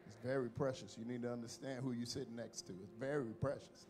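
A man preaching a sermon to his congregation. He leads call-and-response, jokes with the crowd, and reads scripture loudly and dramatically. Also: fairly even intonation, quick pace, hardly any pauses, breathy edge, faint music behind. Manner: booming dramatic scripture reading. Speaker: pastor. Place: church sanctuary.

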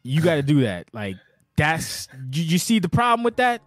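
A man's voice: a little high, normal speed, no echo, faint music behind. A man hosting a podcast in casual chat, a little tipsy, rambling, swearing and stumbling over his words as he rants. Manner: rambling, profane, animated, stutters and restarts. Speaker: podcast host.

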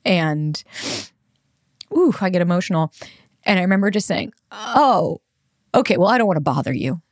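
A woman's voice: lowish voice, lively intonation, moderate pace, no echo, studio quality. A young woman hosting a podcast, telling a personal story in a blunt, emotional way and swearing freely. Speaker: podcast host. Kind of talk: candid personal monologue.

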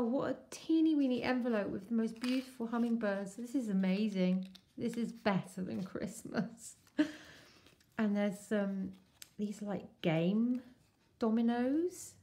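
A woman chatting casually and excitedly as she unwraps a craft swap parcel. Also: medium pitch. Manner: gushing, excitable, slow-paced. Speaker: crafting vlogger. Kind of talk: casual unboxing chat.

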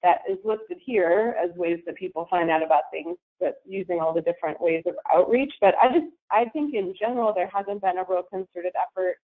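A woman's voice: lowish voice, fairly quick, few pauses. Woman dialed into a meeting, hesitant, restarts a lot, tinny speakerphone sound. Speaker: committee member on the phone. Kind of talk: meeting discussion. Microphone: conference phone. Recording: tinny phone line.

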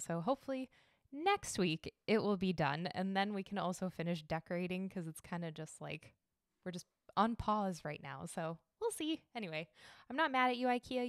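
Woman podcast host rambling at home, kinda low voice, swears a lot, dry close sound. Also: no room sound. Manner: chatty and rambling, swears freely. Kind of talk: casual solo podcast chat.

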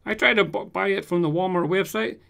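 A man's voice: high-pitched, a little fast, creaky, sharp tone. A man hosting a casual show, reading out viewer comments and chatting about them. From United States. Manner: reads comments aloud, chatty with restarts and fillers. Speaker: host answering viewer comments. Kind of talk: casual chat.

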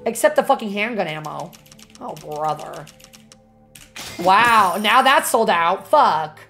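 Drawn-out, dramatic woman streamer. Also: mid-range voice. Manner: expressive and dramatic, swears a lot, talks to chat. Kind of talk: casual gaming livestream chat. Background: faint game music.

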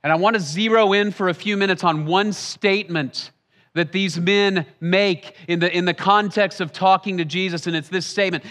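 A man's voice: high-pitched, fairly even intonation, moderate pace, fairly bright tone. A young man preaching a sermon in church, reading scripture and then talking in an earnest, conversational way that repeats key phrases. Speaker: pastor.

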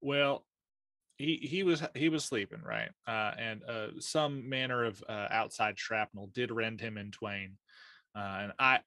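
A man's voice: on the low side, measured pace, bright, forceful tone, dry recording. A man playing a stammering, bluffing ship engineer. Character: flustered male engineer talking his way out of trouble.

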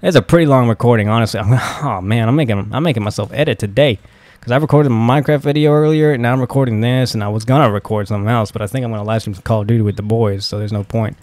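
A young man casually commenting while playing a game, flustered and excitable, often exclaiming and swearing. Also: medium pitch, very fast, no echo. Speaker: gaming video host.

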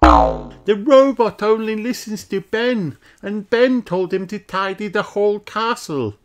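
A man voicing a little fairy princess girl who speaks high and earnestly, for a storybook read-aloud. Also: huge pitch swings, measured pace, heavily acted. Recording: loud background noise.

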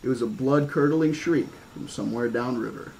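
A man with a middle-range voice narrating a novel aloud in a measured, horror-flavoured manner. Now and then he drops the narration for loose, casual asides. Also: medium pitch, creaky, darkish tone, a little hiss or hum, poor audio. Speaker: audiobook reader. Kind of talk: horror-toned novel reading.

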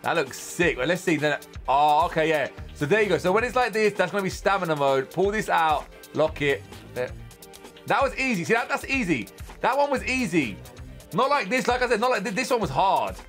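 A young man, chatting casually and exclaiming loudly as he unboxes and tests spinning-top toys. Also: high-pitched. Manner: excitable, chatty, exclaims loudly at toy battles. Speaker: toy reviewer. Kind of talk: casual unboxing and testing commentary.

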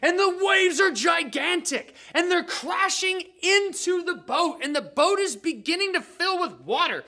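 Kids' church storyteller, woman, high and bouncy, bright and playful. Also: expressive, measured pace, hardly any pauses. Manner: playful, dramatic, slangy. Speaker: children's ministry leader. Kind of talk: animated Bible storytelling for kids.

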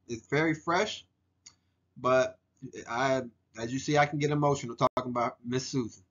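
A man's voice: fairly high pitch, moderate pace, long pauses, a bit bright, highs cut off. Earnest man in his forties presenting photos. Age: 40s. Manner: earnest and heartfelt, with frequent ums and restarts. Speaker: student presenter. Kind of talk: narrated photo slideshow presentation.

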